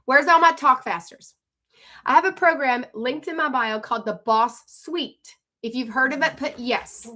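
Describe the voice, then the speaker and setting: Bright, high-voiced woman hosting a live stream. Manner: fast, chatty, greets viewers by name. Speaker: livestream host and online coach. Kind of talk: live stream chat and sales pitch.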